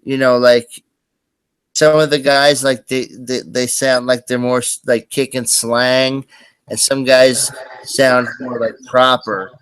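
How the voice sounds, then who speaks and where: A man's voice: medium pitch, little pitch movement, slow pace, a bit bright, clear, resonant tone, no echo. A man hosting a live stream, chatting casually and rambling with lots of fillers and restarts. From US East Coast. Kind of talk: casual chat.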